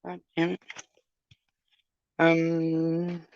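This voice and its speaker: An older woman vlogger chats casually with her live-stream viewers while in pain, groaning and swearing often as she moves around. Her voice is low, monotone and very slow, a little mellow, and the sound is lo-fi.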